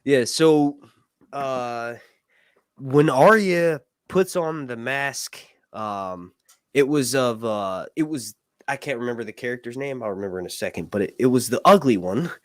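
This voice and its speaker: A man in his thirties hosting a laid-back livestream chat. He rambles from one thought to the next, full of fillers and restarts, in a middle-pitched voice. The recording is dry and close. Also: measured pace, no room sound. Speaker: podcast host. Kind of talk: casual livestream discussion.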